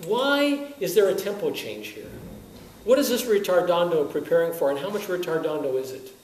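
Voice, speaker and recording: A wind band conductor with a voice that sits high and a normal speaking speed lectures music teachers at a workshop. He's animated, chuckling frequently as he fires rhetorical questions at them. The echoey lecture room is recorded from a distance, with faint hiss.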